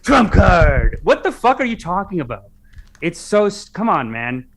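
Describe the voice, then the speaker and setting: A male podcast co-host talks in a gravelly voice, swinging his pitch widely. He laughs often and swears freely. The chat is loose and casual. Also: measured pace. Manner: animated, laughing, profane.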